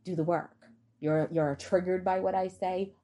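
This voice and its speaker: A woman with a slightly low voice talks straight to her viewers in a casual spiritual monologue. She is blunt and defiant, and she swears freely as she makes her points. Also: steady tone, normal speed, warm tone. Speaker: vlogger.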